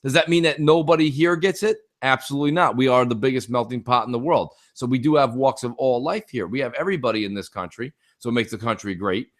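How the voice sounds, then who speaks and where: A young American man co-hosting a casual gaming podcast, telling stories with lively acted-out quotes and plenty of swearing. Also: mid-range voice, quick pace, hardly any pauses. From United States. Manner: animated storyteller, acts out friends' shouts, swears freely. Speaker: podcast co-host.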